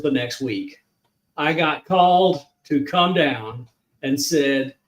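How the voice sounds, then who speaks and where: Older man, matter-of-fact, slightly high voice, roomy echo. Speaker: podcast guest. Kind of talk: casual podcast conversation.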